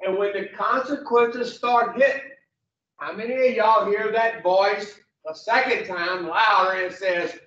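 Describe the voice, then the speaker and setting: A man's voice: sits high, fairly even intonation, unhurried, pushed and bright. A man gives a blunt, preachy motivational talk to a group, asking the room questions and swearing freely. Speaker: speaker addressing rehab patients. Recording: echoey, distant, dull lo-fi sound.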